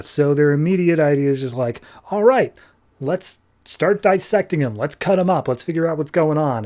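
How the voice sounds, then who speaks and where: Male podcast host, mid-pitched voice, relaxed chatty recap delivery with lots of "like" and offhand paraphrased dialogue. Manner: loose retelling full of "like" and quick paraphrased dialogue. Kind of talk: casual comic book recap.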